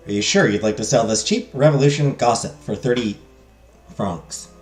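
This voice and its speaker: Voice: mid-range voice, normal speed, a little mellow, faint music behind. A game streamer reading game text aloud and making joking, self-mocking asides while playing. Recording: roomy echo.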